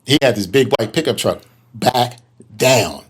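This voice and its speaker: A man's voice: medium pitch, a little slow, husky. A young man co-hosting a casual podcast, laid-back and joking as he chimes in. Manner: laid-back, playful interjections and jokes. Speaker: podcast co-host.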